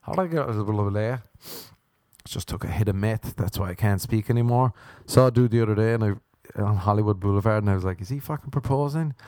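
A man performing a stand-up comedy routine, telling stories deadpan and breaking into animated voices for the people he quotes. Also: lowish voice, fairly quick, dry recording, clean studio sound. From Ireland.

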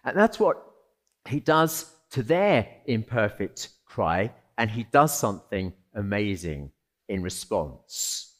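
A male pastor preaches at an unhurried pace, letting his voice leap high and low for emphasis. He keeps it conversational, tossing rhetorical questions at the listeners. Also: very animated. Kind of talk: sermon.

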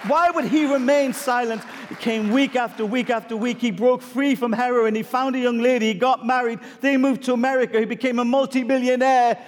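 A man's voice: extremely high pitch, big-room sound. A middle-aged male pastor preaching a sermon, telling stories emphatically and challenging the congregation with rhetorical questions.

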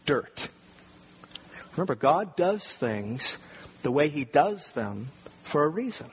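A man's voice: a little high, sing-song, slow, slightly rough. A man preaching a sermon, earnest and building to emphatic points. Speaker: pastor.

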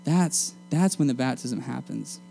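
A young man preaching a sermon to a room of students in a casual, energetic, slangy way. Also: mid-range voice, measured pace, vocal fry, soft background music. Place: meeting room.

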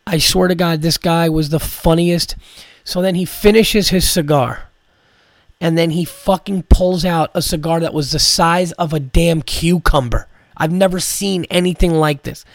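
A man's voice: on the high side, steady tone, measured pace, no room sound, studio quality. A man, a comedian hosting a podcast, telling a rambling story full of swearing and "like" fillers. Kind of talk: casual storytelling.

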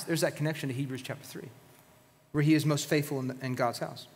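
A male pastor with a high-pitched voice preaches an animated, conversational sermon. He sounds as if he is in a church sanctuary, and the long reverb of a big hall hangs on every word. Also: quick pace.

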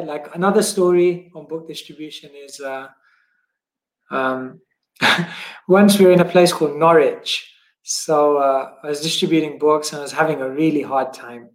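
A man with a British accent, a monk telling stories as a guest in a casual interview, with many fillers. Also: a little high. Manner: animated storyteller with many fillers and laughs. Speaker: guest, monk and book distributor. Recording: echoey room.

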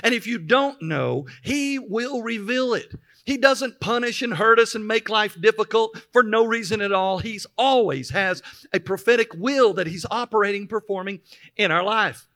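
A man's voice: high-pitched, normal speed, bright, forceful tone. A man preaching a sermon, reading scripture aloud and stopping to explain it with emphatic asides. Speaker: pastor.

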